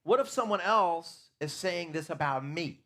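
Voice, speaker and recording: A man's voice: fairly high pitch, lively intonation, a little slow, sharp tone. A man preaching a conversational sermon in a church, asking his listeners questions and talking openly about his own faults.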